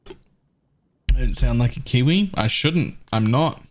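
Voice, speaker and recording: Aussie guy rambling to his stream chat, sarcastic, swears a bit, mid pitched voice. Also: animated, unhurried. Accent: Australian. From Australia. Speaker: live streamer. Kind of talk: casual chat with viewers.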